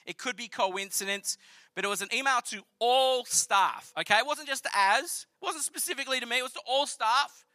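A man with an Australian accent telling a personal faith story in an earnest, conversational, animated way. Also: very high-pitched, brisk, no echo. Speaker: speaker sharing a personal testimony. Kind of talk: storytelling sermon.

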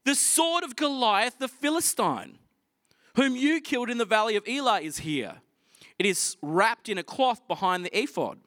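Man doing a confused temple priest, questioning and matter-of-fact, high bright voice. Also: expressive, normal speed, no room sound, studio quality. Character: puzzled male temple priest.

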